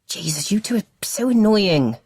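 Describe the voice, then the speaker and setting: A woman's voice: low-pitched, lively intonation, normal speed, a little mellow, no room sound. A woman voicing a grumpy teenage boy who mutters dry, sarcastic remarks at his little sisters. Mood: grumbling.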